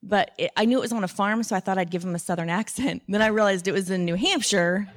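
A woman host chatting casually, telling stories in a lively way and laughing as she talks. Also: mid-range voice, fast talker. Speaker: podcast host. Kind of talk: casual conversation before a live audience.

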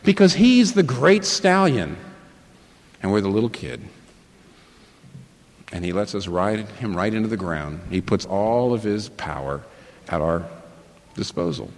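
A pastor preaching a sermon, asking rhetorical questions and building up emphasis. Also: male voice, lowish voice, very animated, measured pace, long pauses, big-room sound.

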